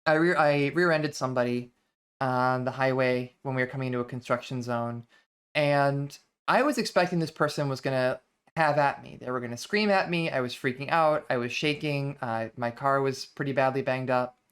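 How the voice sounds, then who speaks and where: An adult vtuber hosting a book reading series thinks aloud in a casual, reflective lecture stream, conversational and often restarting sentences. The voice is mid-range and clean, a bit bright, at a moderate pace.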